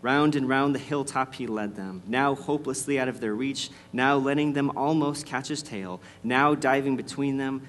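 A man reading a storybook aloud in a measured, expressive way, then speaking to his listeners as the host. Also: mid-range voice, slight background noise.

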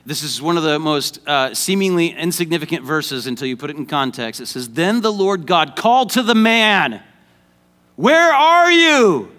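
A man's voice: a little high, animated, moderate pace, hardly any pauses, fairly bright tone. A man preaching a sermon as pastor, conversational and joking, then rising to emphatic points.

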